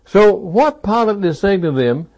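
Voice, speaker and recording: A male preacher delivering a sermon in a high voice that rises and falls widely. He speaks slowly and dramatically, repeating key phrases for weight. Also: expressive, a little mellow. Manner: dramatic, repetitive emphasis.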